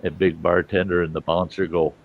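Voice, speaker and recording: Gravelly low-voiced man telling a yarn. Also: flat delivery, fairly quick, phone-quality sound. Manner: rambling, profane, chuckling yarn-teller. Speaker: storyteller host. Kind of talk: casual spoken anecdote.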